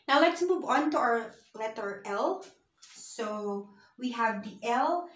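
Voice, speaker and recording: A woman's voice: fairly high pitch, a bit bright, roomy sound, rough recording. A woman teaching a beginner Spanish lesson, patiently spelling words out letter by letter.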